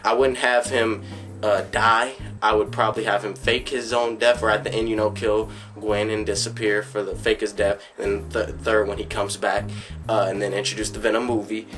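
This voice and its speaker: A man in casual fan commentary, rambling excitedly and acting out snatches of dialogue as he pitches movie ideas. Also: normal speed, soft background music. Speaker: fan vlogger.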